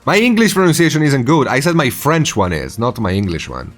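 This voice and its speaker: Man, forties, animated, teasing, swooping pitch, faint background music. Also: brisk. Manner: animated and teasing, laughs often. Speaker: streaming host. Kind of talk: casual live-stream chat.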